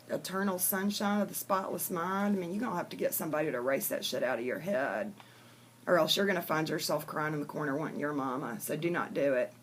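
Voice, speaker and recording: A woman's voice: deep voice, a little hiss or hum. A woman vlogging in a chatty, blunt way, telling a joke and talking casually to her viewers. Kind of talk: casual storytelling chat.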